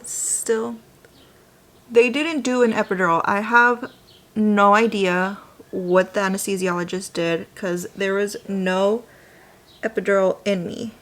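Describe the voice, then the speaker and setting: A young woman vlogger chatting while doing her makeup, telling a birth story in an animated, casual way, dropping to a whisper at times. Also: medium pitch, unhurried. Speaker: beauty vlogger. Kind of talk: chatty get-ready-with-me storytelling.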